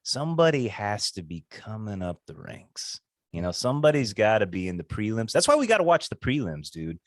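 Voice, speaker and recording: A man with a fairly low voice co-hosting a podcast, animated and opinionated, with some swearing. His pitch rises and falls widely as he argues his points. The recording is dry and close. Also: a little fast, dry recording. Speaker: podcast co-host. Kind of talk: casual chat.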